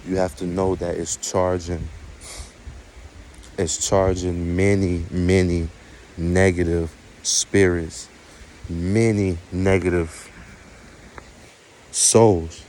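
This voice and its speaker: Man, low voice, quiet preachy outdoor night vlog, casual swearing. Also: little pitch movement, takes it slowly, pauses often, a little hiss or hum. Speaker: spiritual vlogger.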